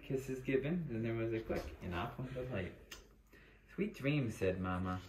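A man reading a children's bedtime storybook aloud to his toddler at home, reading gently and often breaking off to talk to the child and the dogs. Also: fairly low pitch, animated, moderate pace. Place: living room at home. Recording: echoey room, voice far from the mic, background noise.

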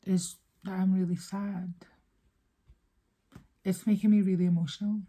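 A young woman chats through a music video reaction, openly emotional and speaking straight to her viewers. Her voice sits a little low with a husky, breathy edge. She talks in a loose, casual, conversational way. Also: steady tone, slow, long pauses, darkish tone.

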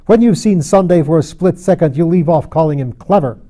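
A man voicing a grave, melancholy male anarchist secretary who speaks with flat, lifeless civility. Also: mid-range voice, moderate pace, natural voice. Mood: shrill fury.

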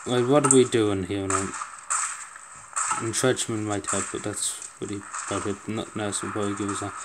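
A man's voice: on the low side, level tone, normal speed, background noise. A man giving casual let's-play commentary, exasperated and pleading, swearing often as things go wrong. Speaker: gameplay commentator.

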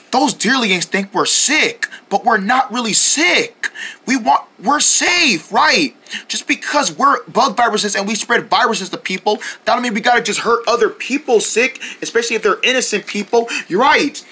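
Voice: medium pitch, pushed and bright, breathy edge, full character voice. A performer voicing bossy, scheming bug-virus characters in a homemade toy skit.

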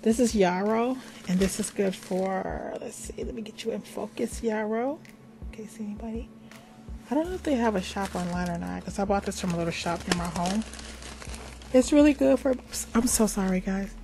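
An older woman hosting a casual craft tutorial, chatty and rambling, with self-affirmations and the odd soft whisper. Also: medium pitch, moderate pace. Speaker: craft and magic video host.

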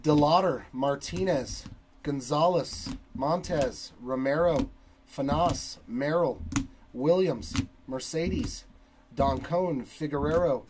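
Male card break host, unhurried delivery, a bit high, noisy stream audio. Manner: rattles off long lists of names in a steady cadence. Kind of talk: live card break recap, reading names.

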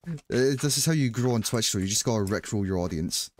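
A man's voice: lowish voice, expressive, brisk, darkish tone, slight background noise. A man with a Glaswegian Scottish accent chatting casually and joking with viewers while playing a game, rambling with frequent restarts. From Scotland. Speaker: livestreamer. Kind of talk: casual chat while gaming.

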